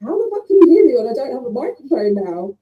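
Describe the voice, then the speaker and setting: Brief: woman guest, high lively voice, flustered and cursing, faint distant laptop mic. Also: quick pace, narrow, tinny audio. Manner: flustered, swears, stammers. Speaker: guest on a video call. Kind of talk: casual group video chat.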